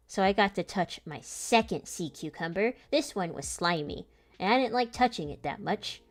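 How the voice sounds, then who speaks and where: Medium in pitch, animated and unhurried, a young woman rambles through a travel tale while she draws, laughing often between sentences. She's a comic artist who hosts her own channel.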